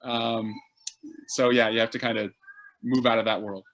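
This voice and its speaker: A man's voice: mid-range voice, little pitch movement, normal speed, a bit bright, rough recording. A man, a congressman, answering audience questions over a video call in a conversational way with many filler sounds. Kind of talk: casual Q&A answers.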